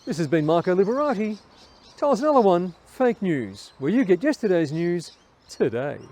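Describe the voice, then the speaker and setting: A man plays a mock newsreader with a high voice that swoops up and down. He fires off incredulous, theatrical questions in a comedy sketch. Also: very animated, normal speed, darkish tone. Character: mock news anchor, male, arch and incredulous. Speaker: sketch host. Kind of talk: parody news report.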